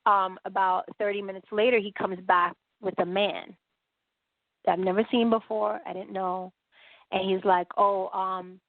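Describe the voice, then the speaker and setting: A woman's voice: medium pitch, unhurried. New woman telling a story on a tinny line. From New York. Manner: animated, quotes people in dialogue, many fillers. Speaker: podcast guest. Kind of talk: conversational storytelling. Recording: dry, phone-like audio.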